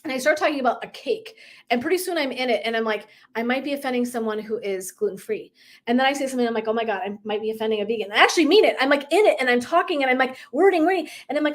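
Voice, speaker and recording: A woman's voice: high voice, very fast. A middle-aged woman wellness coach talking candidly in a casual live stream, swearing and laughing as she acts out her own thoughts.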